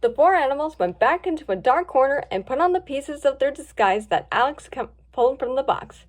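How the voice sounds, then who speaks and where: High, lively woman reading a story. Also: brisk. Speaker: story reader. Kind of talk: storybook read-aloud.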